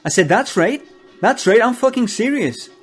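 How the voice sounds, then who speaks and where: A Glaswegian man playing a boastful, foul-mouthed business boss in a rambling comedy monologue full of hesitant fillers that breaks into furious shouting. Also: very high voice, lively intonation, moderate pace, husky, faint music behind, pitched above the performer's own voice, heavily acted. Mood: indignant.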